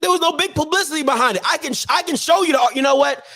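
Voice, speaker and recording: Man host, very high voice, loose rhetorical riffing, computer mic. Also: pushed and bright. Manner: repeats himself, drawn-out rhetorical questions. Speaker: show host. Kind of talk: casual live-stream commentary.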